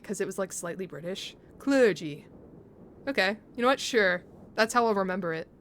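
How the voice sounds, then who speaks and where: A woman's voice: medium pitch, a little hiss or hum. A woman streamer reading a game's story aloud to her chat, chatty and laughing as she muses over pronunciations.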